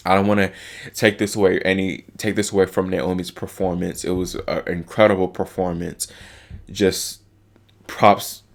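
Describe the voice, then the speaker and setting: Male vlogger, low gravelly voice, rambling and hesitant, heartfelt delivery. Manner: rambling, hesitant, with many restarts and fillers; heartfelt, openly affected by the topic. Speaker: tennis vlogger. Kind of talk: casual spoken commentary to camera.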